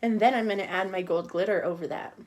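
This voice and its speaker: A woman's voice: medium pitch, quick pace. Chatty woman teaching a cupcake class. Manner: chatty, talks to herself while working, soft murmurs. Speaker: cake decorating teacher. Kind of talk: casual online class demonstration.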